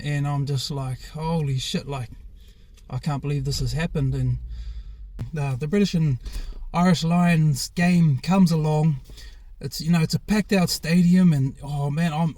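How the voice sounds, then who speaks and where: Frank New Zealand man with a mellow voice. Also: a little high, dry recording. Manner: casual and frank, swears, many fillers and restarts. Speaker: former rugby player. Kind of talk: candid personal storytelling.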